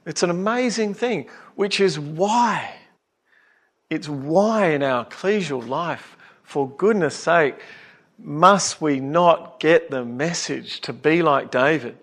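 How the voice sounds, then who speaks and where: A man's voice: a little high, expressive, slow, a bit bright. A middle-aged man giving an earnest, emphatic Bible talk, asking his listeners questions as he goes. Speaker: Bible study speaker.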